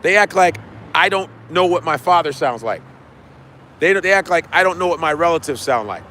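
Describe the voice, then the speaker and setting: On his own livestream, an American comedian talks loosely with viewers, cursing and repeating lines for emphasis. He sounds animated, bright, and forceful, with an on-the-high-side voice at a moderate pace and a little hiss or hum.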